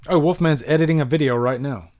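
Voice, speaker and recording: A man's voice: a little high, fast talker, a little mellow. Chatty American man hosting a stream. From United States. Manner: rambling and chatty, many fillers, reads out viewer questions. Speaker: YouTube horror movie reviewer, live stream host. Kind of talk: casual live-stream Q&A chat.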